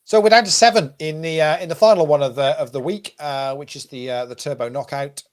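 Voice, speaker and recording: A man's voice: a little high, fairly quick. A man from the UK hosting a poker show, chatting casually and calling the action, with lots of fillers and restarts. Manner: rambling, many fillers and restarts. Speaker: host. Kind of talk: casual chat and poker commentary.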